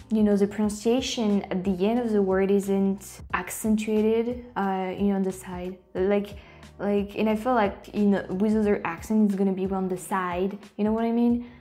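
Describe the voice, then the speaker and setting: A woman's mellow, medium-pitched voice carries casual commentary on her YouTube channel. She's a native French speaker with a French accent, and she hesitates a lot, filling gaps and restarting her sentences often.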